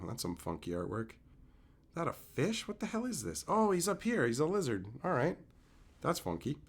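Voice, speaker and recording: A man's voice: a little high, bright, forceful tone. A man streaming casually as he opens card packs, joking crudely and chatting with his viewers. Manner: jokey and crude, chats with viewers. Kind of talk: casual live-stream commentary.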